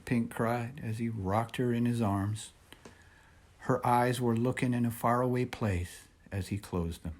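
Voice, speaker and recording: Husky guy reading a kids book out loud, expressive, normal pitch. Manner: measured, expressive narration. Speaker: reader. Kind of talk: storybook read-aloud.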